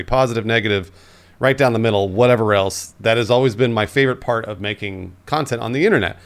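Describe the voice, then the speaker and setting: A man in his thirties co-hosting a podcast, telling his own stories in an earnest, animated casual chat. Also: fairly low pitch, fast. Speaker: podcast co-host.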